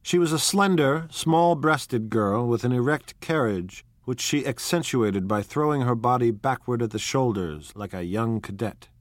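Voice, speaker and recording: A man reading a novel aloud in a measured, quietly expressive narration. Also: medium pitch, dry recording. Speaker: audiobook narrator.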